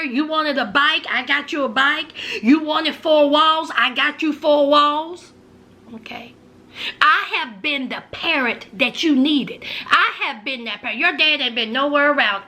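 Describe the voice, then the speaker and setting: A woman's voice: high-pitched, moderate pace, sharp tone. A woman voicing an indignant mother scolding her teenage daughter, sassy and emphatic. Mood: hurt, defiant.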